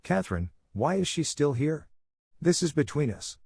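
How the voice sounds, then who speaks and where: A man's voice: on the high side, very animated, moderate pace, vocal fry, a little mellow, breathy edge, dry recording, clean studio sound, voice pushed up, heavily acted. A man reading as a pleading ex-girlfriend. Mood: irritated. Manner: pleading, apologetic. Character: pleading young adult woman, an ex-girlfriend. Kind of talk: read-aloud dialogue in a story.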